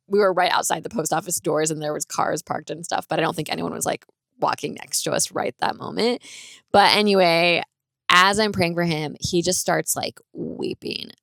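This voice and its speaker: A woman's voice: lowish voice, vocal fry, fairly bright tone, no echo, clean studio sound. A woman hosting her own podcast, telling a personal story in a chatty, rambling way with lots of "like". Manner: chatty, rambling, fills speech with "like". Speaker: podcast host.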